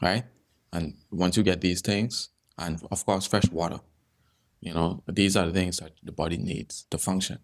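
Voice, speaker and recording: In a casual podcast conversation, a holistic health doctor tells stories to explain health, repeating phrases to drive them home. His low-pitched voice is steady and moves at normal speed.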